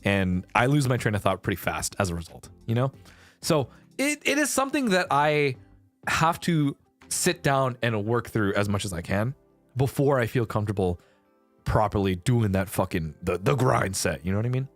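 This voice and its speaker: A young man streaming, chatting casually with viewers, swearing and shouting in protest. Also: medium pitch, big pitch swings, normal speed, no echo, faint music behind.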